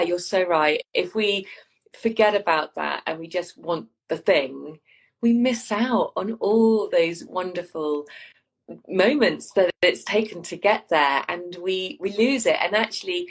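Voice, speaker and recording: A woman's voice: fairly low pitch, breathy edge. A woman co-hosting a podcast in casual chat, earnest and encouraging, speeding up as she lists examples. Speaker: podcast co-host.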